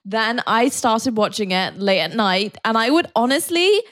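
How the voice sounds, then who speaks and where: A woman's voice: a little high, sing-song, a little slow, a bit bright. A young woman guest on a podcast, chatting casually and laughing often. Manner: giggly, chatty. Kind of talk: casual chat.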